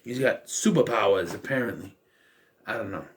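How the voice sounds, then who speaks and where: A man's voice: on the low side, normal speed. A man giving a casual spoken film review, rambling with fillers and restarts, wry and sarcastic. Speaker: movie reviewer.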